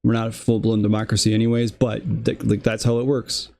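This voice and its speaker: A man's voice: on the low side, little pitch movement, a little fast, vocal fry, a little mellow. A young man hosting a political commentary show, delivering a casual, exasperated rant full of fillers and restarts.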